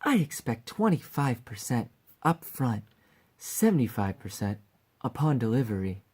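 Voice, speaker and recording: A calm alien squid-girl bounty hunter who names her prices in a cool, professional way, as a woman reads her for an audition. The tone is soft and mellow, never rising. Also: extremely low pitch, unhurried, breathy edge, heavily acted. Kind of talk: voice acting audition read.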